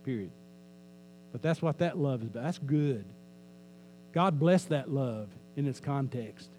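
A pastor preaching a conversational sermon in a church, joking with the congregation and repeating phrases for emphasis. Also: male voice, medium pitch, animated, unhurried, darkish tone, rough recording. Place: church sanctuary. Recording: faint mains hum.

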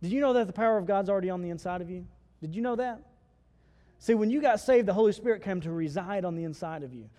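A high-pitched man delivers an animated sermon from the pulpit. He slips into the voices of the people he quotes as he preaches. His voice rings out with a long reverb in the sanctuary. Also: fast talker. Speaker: pastor. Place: church sanctuary.

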